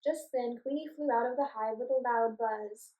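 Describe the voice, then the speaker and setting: A woman reading a children's storybook aloud in a clear, expressive way. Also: a little high, moderate pace. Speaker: storybook reader. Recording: echoey room, voice from a distance.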